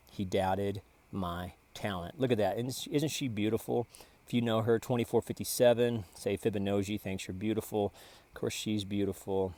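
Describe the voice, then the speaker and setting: A man's voice: fairly low pitch, darkish tone. A man narrating a casual vlog as he shows off his photographs, boastful, rambling and full of exclamations. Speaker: photographer showing his prints.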